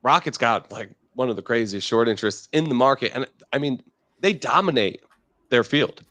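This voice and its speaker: Brash, excitable male market host. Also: mid-range voice, moderate pace, dry recording. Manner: brash, profane, excitable trader banter. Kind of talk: casual market chat.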